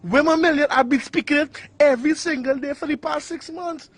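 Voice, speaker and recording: A man's voice: very high-pitched, a little fast, no room sound. A man giving a wry, mock-puzzled comic monologue in a played clip. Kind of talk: comic social-media monologue.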